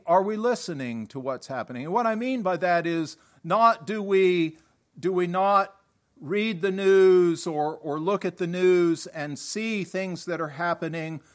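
A man preaching a sermon, reading scripture aloud with deliberate emphasis and reasoning with his listeners. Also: fairly high pitch, fairly bright tone.

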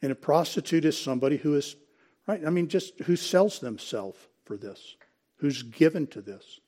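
A man preaching a sermon, explaining scripture and citing verses, calling the congregation folks and clearing his throat now and then. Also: fairly high pitch, expressive, moderate pace, mellow.

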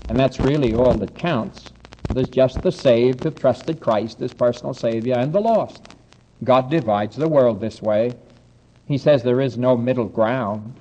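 A man preaching a sermon, earnest and steady, slowing down to read scripture aloud and adding light asides to his congregation. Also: mid-range voice, highs cut off. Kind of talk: sermon with Bible reading.

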